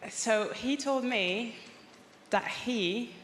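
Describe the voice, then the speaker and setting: A woman doing a stand-up set with a wry, deadpan, halting delivery. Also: fairly high pitch, a little hiss or hum. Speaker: stand-up comedian. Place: large theatre on stage. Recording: echoey live theatre hall, loud ambience.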